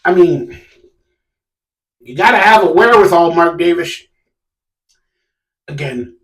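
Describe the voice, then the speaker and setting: A man's voice: fairly high pitch, expressive, takes it slowly, fairly bright tone, recorded from a distance. A man hosting a sports fan live stream, ranting casually and animatedly with sarcastic, exasperated outbursts. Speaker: sports fan channel host. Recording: echoey room, a bit off mic.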